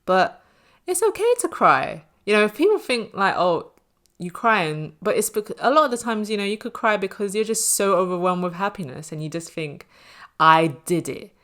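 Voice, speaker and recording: A woman's voice: mid-range voice, big pitch swings, brisk, a bit bright. A woman giving a casual spoken tarot reading, chatty and reassuring, with many "you know" fillers. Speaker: tarot reader.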